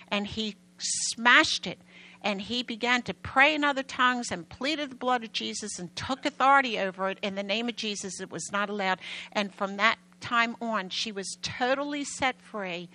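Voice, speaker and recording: Bright-voiced woman preaching emphatically. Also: a little high, poor audio. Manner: animated, emphatic, loud storytelling. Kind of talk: sermon storytelling.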